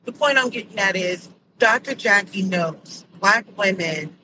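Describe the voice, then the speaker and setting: A woman's voice: medium pitch, animated, a little slow. Indignant woman podcaster over background noise. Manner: indignant, emphatic storytelling. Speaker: podcast host. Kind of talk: casual commentary monologue.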